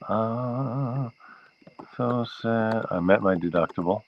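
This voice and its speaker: A man hosting a home livestream near an outdoor porch chats with viewers in a lowish voice with lively intonation and a moderate pace. Easily sidetracked, he drifts from one aside to another. The audio, recorded on a laptop microphone, sounds dull and lo-fi.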